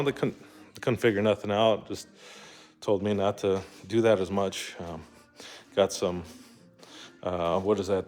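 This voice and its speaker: A man's voice: fairly low pitch, a little mellow. Rambling, profane young man. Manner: rambling, profane, lots of fillers. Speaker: vlogger. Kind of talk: casual rambling monologue.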